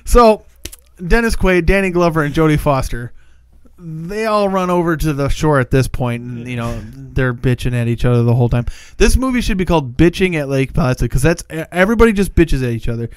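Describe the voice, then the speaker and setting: A man's voice: on the high side, expressive, brisk, smooth, dry recording. A man co-hosting a casual movie review podcast, rambling and profane, slipping into silly voices for the characters. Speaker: podcast co-host.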